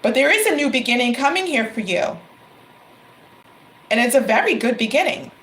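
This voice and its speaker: A woman's voice: high-pitched, lively intonation, normal speed, a bit bright, poor audio. A middle-aged woman giving a tarot reading to camera, emphatic and given to repeating her phrases and exclaiming. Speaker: tarot reader.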